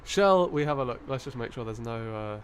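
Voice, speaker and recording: A man chats loosely on a live stream from his desk, wandering between thoughts and laughing easily. His pitch is unremarkable, a plain middle register. There is a faint hum of room ambience behind him. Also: animated, a little fast. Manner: rambling and chatty, laughing often. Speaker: coin-hunting live streamer. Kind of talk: casual live-stream chat.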